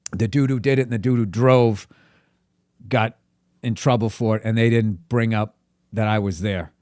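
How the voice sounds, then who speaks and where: A man's voice: lowish voice, normal speed, no room sound, clean studio sound. A comedian guest telling a long, profane story on a podcast, laughing as he goes. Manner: profane, animated, laughs through his story.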